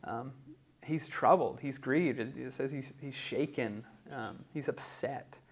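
A man preaching in a conversational teaching style, often pausing with "um" and asking "right?". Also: medium pitch. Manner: conversational, many ums and rhetorical "right?". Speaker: pastor teaching a class. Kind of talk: teaching sermon.

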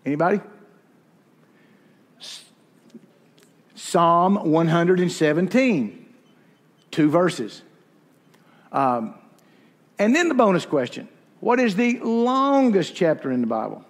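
A man's voice: sits high, big pitch swings, slow, pauses often, long reverb tail. A man preaching a sermon in a church, folksy and self-deprecating, telling stories with humor. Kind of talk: sermon with personal anecdotes.

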